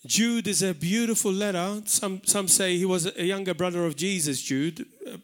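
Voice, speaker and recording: High-voiced Maltese man preaching. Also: normal speed. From Malta. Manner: animated preaching, shouting out acted warnings. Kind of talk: sermon. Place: church hall.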